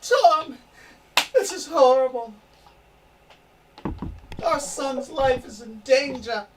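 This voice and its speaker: A man's voice: very high voice, expressive, slow, pitched above the performer's own voice, full character voice. A man voicing a grieving village mother who pleads near tears, from a distant mic with background noise. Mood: frantic pleading.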